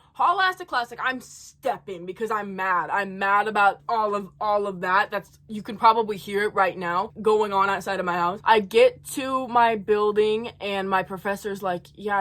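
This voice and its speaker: A woman's voice: medium pitch, fairly bright tone. A young woman in college telling a profane, heated storytime rant in her own rambling way. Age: young adult. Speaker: college student vlogger.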